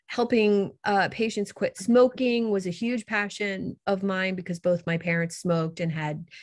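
A middle-aged woman, a coach, talking as an interview guest in a lively, rambling way and laughing easily. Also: medium pitch, unhurried, no echo, clean studio sound. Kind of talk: casual interview.

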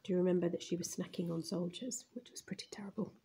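Speaking quickly with fairly even intonation, a woman with a mellow, fairly low voice teaches young students to write. She talks through her writing and murmurs each word as she puts it down, recorded by a phone camera aimed at the page.

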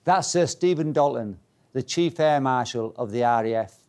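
A man's voice: medium pitch, moderate pace, a little mellow, clean tone. A man giving a humorous motivational talk to a live audience, playful and self-mocking, teasing the crowd. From Yorkshire, England. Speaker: speaker.

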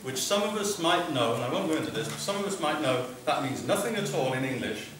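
A man's voice: fairly high pitch, very animated, fast. A man from Wales chatting and joking as he introduces a song at a live concert. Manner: chatty, jokey, rambling. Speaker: folk singer introducing a song. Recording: echoey hall, far from the mic, live music.

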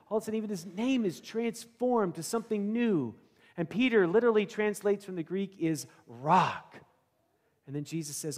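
High-voiced male pastor in a reverberant church. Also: lively intonation, moderate pace, darkish tone. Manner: asks the congregation questions, acts out scenes. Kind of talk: conversational sermon. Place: church sanctuary.

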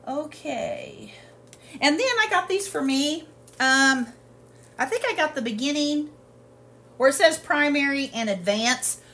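A woman's voice: high voice, measured pace, pauses often, a bit bright, slight background noise. A woman chatting casually through a home haul video, rambling with lots of fillers, in her kitchen at home. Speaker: haul vlogger. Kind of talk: casual product haul chat.

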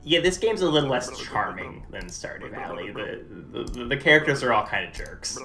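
A man's voice: mid-range voice, expressive, normal speed, creaky, bright, forceful tone. A young man doing chatty live gameplay commentary for a charity stream, reading game dialogue aloud.

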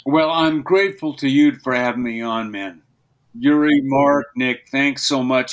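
An older man, a voice actor, telling stories as a podcast guest, lively and given to slipping into character voices. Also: mid-range voice, highs cut off. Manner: animated storyteller, slips into character voices. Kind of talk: interview conversation.

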